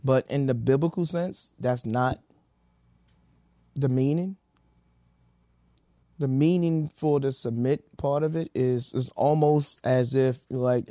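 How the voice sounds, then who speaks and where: A man co-hosting a podcast in casual chat, animated and prone to repeating himself. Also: medium pitch, measured pace, no echo. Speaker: podcast co-host.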